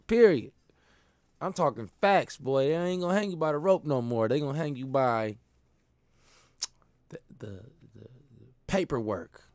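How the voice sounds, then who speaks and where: A man telling stories in a casual monologue, animated and laughing, using slang. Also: on the high side, moderate pace, pauses often, clean tone, dry recording. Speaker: host.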